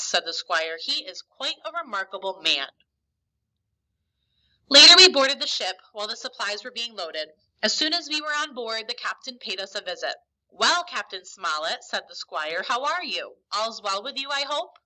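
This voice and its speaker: A woman's voice: medium pitch, sharp tone, poor audio. A woman teacher reading a story aloud to her class expressively, with small slips and restarts, then giving instructions.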